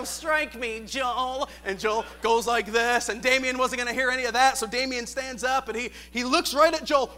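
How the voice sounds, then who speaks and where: A man who is a youth pastor, preaching a sermon with animated delivery, moving from shouted questions to quiet, joking storytelling. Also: very high voice.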